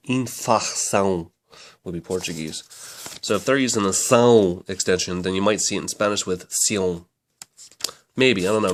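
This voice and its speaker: Casting: low-voiced man, relaxed rambling reviewer, talks things through out loud. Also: slight background noise. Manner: chatty, rambling, self-correcting. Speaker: book reviewer. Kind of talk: casual book review to camera.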